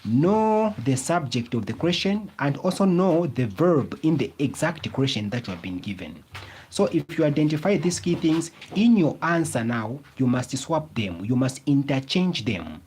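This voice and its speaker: A man's voice: mid-range voice, sing-song, a little mellow, husky. A male tutor teaching a grammar lesson, repeating key phrases and prompting the class with fill-in questions. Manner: slow, emphatic explaining.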